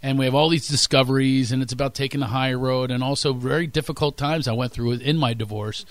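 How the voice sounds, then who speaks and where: A man in his fifties with a thick Philadelphia accent, guesting as a comedian. He strings stories and jokes together at a quick clip. His voice is mid-pitched and recorded dry and close. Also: steady tone, no echo. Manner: rapid storytelling, quick to launch into bits. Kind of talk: interview chat with joke bits.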